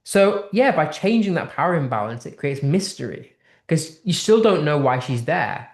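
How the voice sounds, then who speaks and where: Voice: mid-range voice, very animated, normal speed. A tutor with a British accent explaining a text in a lesson, posing strings of rhetorical questions and thinking aloud with restarts. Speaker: English literature tutor. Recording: roomy echo.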